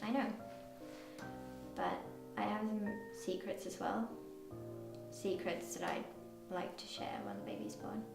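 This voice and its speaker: A woman's voice: medium pitch, very animated, measured pace, vocal fry, long pauses. An earnest pregnant girlfriend. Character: pregnant young woman, earnest and secretive. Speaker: film character. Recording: echoey room, distant mic, guitar music.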